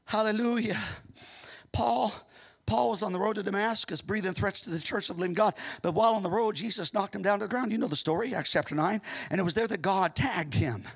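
An American man preaching a sermon as pastor, swinging from shouted high points to soft, chatty asides. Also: fairly quick, gravelly, husky. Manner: shouts his peaks, drops to quiet asides. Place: church sanctuary.

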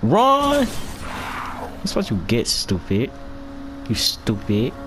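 Excitable man yelling over a noisy game. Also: lowish voice, measured pace. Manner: loud excitable reactions, yelling at enemies; slangy, repetitive taunting. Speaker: gaming channel host. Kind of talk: casual gameplay commentary.

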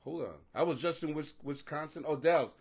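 A man with a high, bright speaking pitch talks casually to viewers. He is animated and profane, jokes constantly, laughs easily, and tangles himself up on unfamiliar names. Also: fairly quick, slightly rough. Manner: animated, joking, profane, laughs often, stumbles over names.

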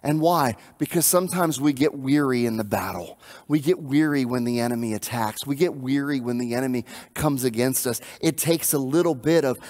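A male pastor preaching a sermon, animated and emphatic, repeating phrases for emphasis. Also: medium pitch, moderate pace.

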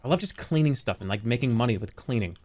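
A man in his thirties streaming a game live, talking in an animated, rambling and profane way. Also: mid-range voice, fast. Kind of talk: live gameplay commentary.

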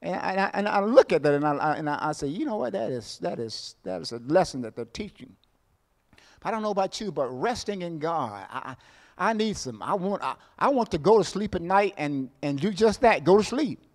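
A middle-aged man preaching a sermon as pastor, repeating his phrases, calling out for amens and swinging between loud bursts and quiet asides. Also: a little high, big pitch swings, brisk, big-room sound. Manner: call-and-response, asks the congregation for amens; repeats words and phrases for emphasis.

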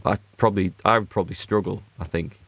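Northern English male host, chatty, self-mocking let's play commentary, slightly low voice, dead-dry booth sound. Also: steady tone, fast talker, fairly bright tone, no room sound. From Northern England. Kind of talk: casual gameplay commentary.

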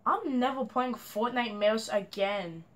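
A woman's voice: fairly high pitch, takes it slowly, a bit bright, a little hiss or hum. A young woman commenting on her gameplay, frustrated and complaining at a teammate. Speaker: gamer.

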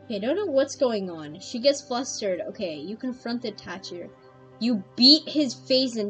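A young woman streaming a game, chatting to her viewers in a loose, excitable way, laughing often. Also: on the high side, normal speed, faint music behind. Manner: excitable, laughing, addresses chat. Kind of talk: casual game commentary.

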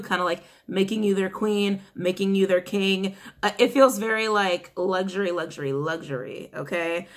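A woman's voice: mid-range voice, a bit bright. A young woman, slightly congested after waking up, giving a chatty, rambling tarot reading to camera. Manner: chatty and rambling, with frequent fillers. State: congested, just woken up. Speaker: tarot reader.

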